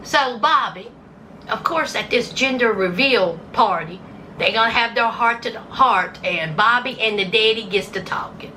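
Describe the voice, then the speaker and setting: A woman's voice: a little high, unhurried, sharp tone, a little hiss or hum, poor audio. A woman giving casual, sarcastic commentary on a reality show, acting out scenes in put-on voices.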